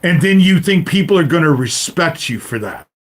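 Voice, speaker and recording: A man's voice: on the high side, lively intonation, normal speed. A man in his fifties ranting on his own livestream, swearing heavily, talking straight at viewers and ending lines with "you know?". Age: 50s. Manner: swears constantly, addresses viewers directly, repeats "you know?". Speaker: livestream host. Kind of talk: profane livestream rant to chat.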